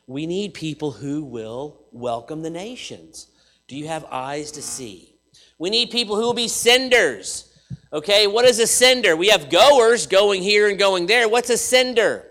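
A man preaching a sermon in an animated way, repeating phrases for emphasis and swinging from loud to hushed. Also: sits high, unhurried.

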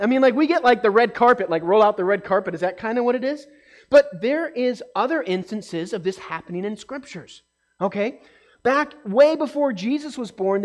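A woman telling a Bible story to children in an animated way, often asking the kids questions. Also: a little high. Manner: acts out voices and quotes in the story.

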